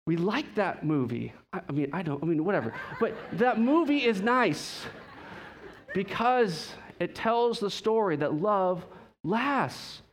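A young man preaching a sermon, telling a lively personal story and acting out the dialogue with laughs. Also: high voice, measured pace. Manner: animated storyteller, acts out dialogue, laughs at himself. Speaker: pastor.

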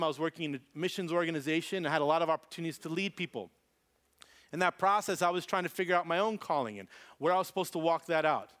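A man preaching a sermon, telling a personal story with animated delivery and acting out the voices in it. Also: on the high side, clean tone. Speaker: pastor.

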